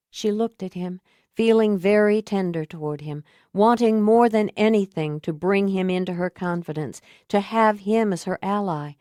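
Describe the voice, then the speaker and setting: A woman narrating a thriller audiobook in a measured, even storytelling manner. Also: medium pitch, no echo, clean studio sound. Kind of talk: scripted narration.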